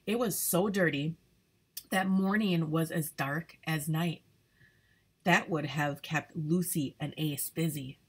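A woman's voice: sits low, slow pace, husky. A woman reading a children's storybook aloud carefully to young listeners. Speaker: troop leader reading aloud.

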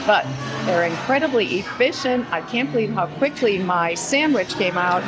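A woman's voice: medium pitch, poor audio. A woman hosting a casual food vlog, chatting enthusiastically and narrating between stops. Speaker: host of a cooking channel.

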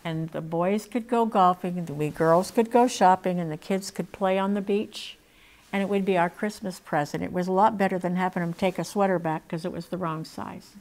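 A woman's voice: lowish voice, steady tone, fairly quick, darkish tone. Older woman telling her testimony. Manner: earnest, emotional, laughs between lines. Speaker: speaker sharing her testimony. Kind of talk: personal testimony storytelling.

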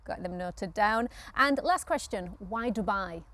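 A woman interviewing a guest, firing off brisk, upbeat questions. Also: mid-range voice, animated, a bit bright. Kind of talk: rapid-fire interview questions.

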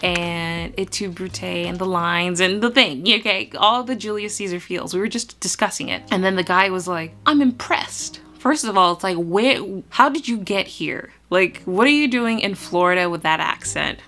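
A woman chatting casually on her book vlog, animated and laughing often, acting out the lines she quotes. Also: on the low side, moderate pace, few pauses. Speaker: book vlogger. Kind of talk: casual chat about her reading.

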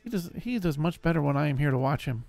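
A man voicing a gentle, simple-minded male barbarian warrior who talks slowly and formally, never using contractions, in a live game roleplay. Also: a little high, expressive, vocal fry, dry recording, faint music behind, voice pushed down. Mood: earnest. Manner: speaks without contractions, childlike and earnest. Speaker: streamer.

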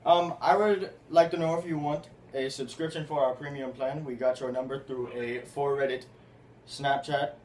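A young man playing a pushy store manager in a prank call, keeping a straight face through a sales pitch. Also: moderate pace, reverberant, far from the mic, a little hiss or hum, lightly acted. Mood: deadpan pushy. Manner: deadpan, insistent sales patter.

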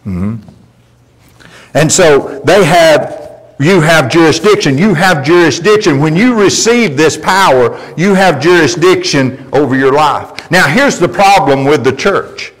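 Preacher guy, kinda high voice, spinning folksy stories, lots of echo from the church hall. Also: lively intonation, a little slow. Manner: emphatic, folksy storytelling preacher. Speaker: pastor. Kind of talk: sermon. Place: church sanctuary. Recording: long reverb of a church hall.

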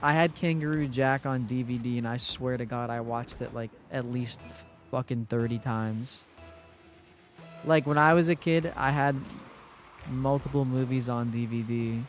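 A man in his twenties streams a game live, talking casually with his viewers, swearing freely and speaking straight to chat. His voice sits at medium pitch with a measured pace, and soft music plays in the background.

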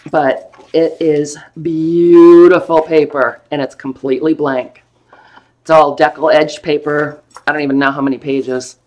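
A woman with a fairly low voice hosts a live online sale of old books. She chats playfully and gushes over the paper and maps. Her talk is loose and easygoing. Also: darkish tone. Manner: gushing, playful, chatty about old books. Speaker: host selling vintage books on a live stream. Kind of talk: casual live sale chat.

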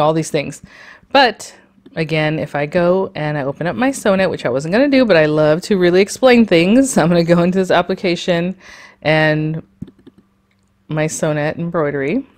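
A woman with a notably low voice talks viewers through embroidery software at her computer. She rambles in a friendly, casual way, full of fillers and quick asides. Her pace and tone stay conversational throughout. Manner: chatty and rambling, with many fillers and little laughs. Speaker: sewing and embroidery tutorial host. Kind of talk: casual screen-share tutorial.

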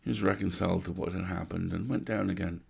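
A man reads a classic tale aloud as a bedtime story, measured and atmospheric. His voice is very low and gravelly, with a husky, breathy grain. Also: fairly even intonation. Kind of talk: livestreamed bedtime story reading.

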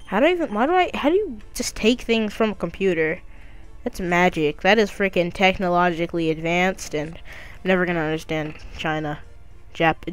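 A woman's voice: fairly low pitch, clear, resonant tone. Woman gamer, casual let's play chatter, goofy and crude, jokey.

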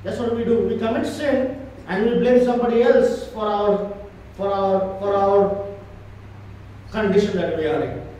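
A man's voice: high-pitched, measured pace, pauses often, mellow, a little hiss or hum. A man preaching a church sermon with emphatic, repetitive delivery. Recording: echoey church hall from far off.

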